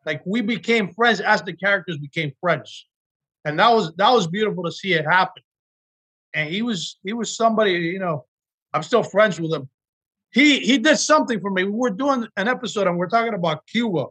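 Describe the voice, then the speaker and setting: The guest, an actor, speaks a little fast in a high voice that's pushed, bright and slightly rough. During a casual interview chat he recounts earnest, emotional stories from his work, with frequent restarts.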